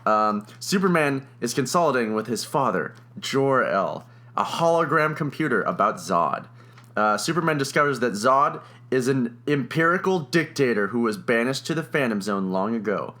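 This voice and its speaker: A young man co-hosts a casual comedy podcast, walking through a movie plot in his own rewrite. His voice is bright and pushed forward, and he laughs easily while he talks. He fills gaps with ums and uhs as he goes. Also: mid-range voice, animated, moderate pace. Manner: chatty, laughs often, many fillers. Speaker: podcast co-host.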